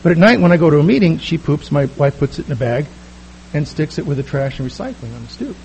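High-voiced man telling a comic story. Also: gravelly, a little hiss or hum, poor audio. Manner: comic self-mocking storytelling, quick and lively. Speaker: recovery meeting speaker. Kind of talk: personal story told to a recovery meeting.

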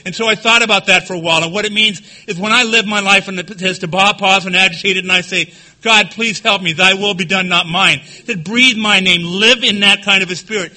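A man giving a recovery-meeting talk, telling his own story candidly with dark humor. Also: sits high, steady tone, fairly quick. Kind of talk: personal testimony speech.

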